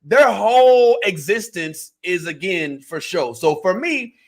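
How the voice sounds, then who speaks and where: A man co-hosting a podcast in casual chat, animated and joking around. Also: high voice, measured pace. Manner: animated, slips into mock voices and jokes. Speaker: podcast co-host.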